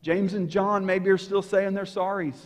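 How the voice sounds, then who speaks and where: A male pastor delivers his sermon in a notably high voice that rings through a church with a long, lingering reverb. He tells the story with animated energy and voices the crowd's lines. At other moments he drops to a hushed, intense tone. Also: moderate pace. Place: church sanctuary.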